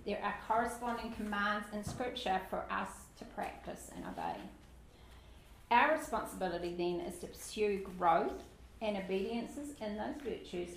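Chatty woman teaching in an echoey hall. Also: mid-range voice. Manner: chatty, with light self-deprecating asides. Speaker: Bible teacher. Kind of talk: Bible study teaching. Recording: echoey room with faint background noise.

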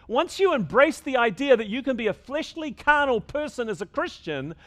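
A middle-aged man preaching a sermon, emphatic, with stammered restarts and quick asides. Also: high-pitched.

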